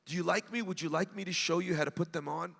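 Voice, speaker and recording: A man playing a kind, helpful male synagogue official who speaks in a gentle, encouraging way. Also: sits high, fast, creaky, voice pushed down, full character voice. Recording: long hall reverb.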